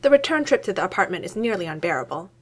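Lady reading a story out loud, really lively pitch. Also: very fast. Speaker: narrator.

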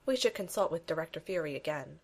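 A woman's voice: deep voice, lively intonation, fast, creaky, husky, exaggerated voice. Woman voicing a proud, formal warrior god. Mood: lofty.

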